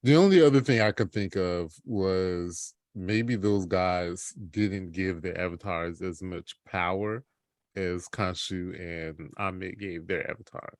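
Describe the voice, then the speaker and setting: A man's voice: low-pitched, slow pace, no room sound. A man co-hosting a podcast, making blunt, dry remarks in casual chat. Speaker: podcast co-host.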